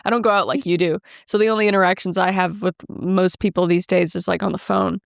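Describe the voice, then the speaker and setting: A woman's voice: on the low side, steady tone, fast talker, vocal fry, no echo, studio quality. A woman co-hosting a podcast, telling a rambling, self-mocking story in casual chat and quoting herself and others. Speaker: podcast co-host.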